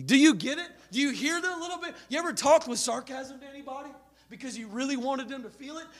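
A man's voice: very high-pitched, quick pace, fairly bright tone. A man preaching a sermon in an emphatic, exhorting way, with dramatic bursts. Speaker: pastor.

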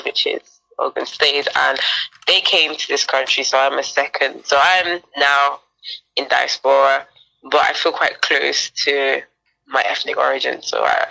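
A woman in her thirties from the UK talks as a podcast guest, explaining patiently and laughing easily. Her voice sits very low with a gravelly edge, yet bright and forceful in tone. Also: rough recording. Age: 30s. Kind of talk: casual interview chat.

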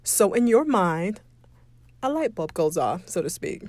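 A woman's voice: fairly low pitch, big pitch swings, a little slow, darkish tone, no room sound. A woman from Atlanta, hosting a motivational podcast and telling stories with acted-out dialogue and easy laughter. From Atlanta, Georgia. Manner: storytelling, acts out dialogue, laughs easily. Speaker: podcast host.

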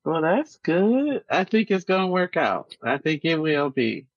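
Slow-talking, higher-voiced male co-host. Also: big pitch swings, dry recording, dull audio. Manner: supportive, brief backchannels. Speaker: podcast co-host. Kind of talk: casual chat.

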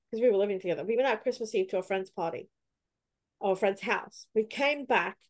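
A woman hosting a casual podcast chat, telling stories and acting out her own reactions. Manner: animated, acts out her own past reactions with sudden high cries. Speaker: podcast host.

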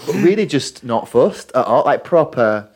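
A man's voice: medium pitch, animated, normal speed. A man, co-hosting a casual podcast, telling a dry story and acting out a child's replies. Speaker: podcast co-host, primary school teacher. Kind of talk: casual chat.

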